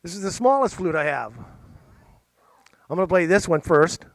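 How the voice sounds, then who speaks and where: A man's voice: high-pitched, lively intonation, normal speed, dry recording. A middle-aged man telling a story casually to a library audience, chatty and jokey with playful asides. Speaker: musician and storyteller. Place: library event room.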